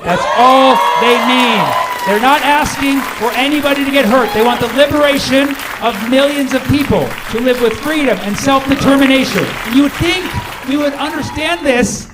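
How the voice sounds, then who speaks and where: A male stand-up comedian performing an animated set, jumping into exaggerated voices for his bits. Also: extremely high pitch, moderate pace, hardly any pauses. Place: live comedy venue with audience. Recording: live room with crowd and noise. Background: audience laughter.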